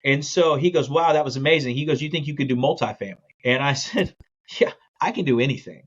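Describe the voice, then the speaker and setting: Fast-talking man telling a story. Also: medium pitch, breathy edge, lo-fi sound. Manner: fast, animated storytelling with acted-out quotes. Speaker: guest, land investor. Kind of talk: storytelling in a podcast interview.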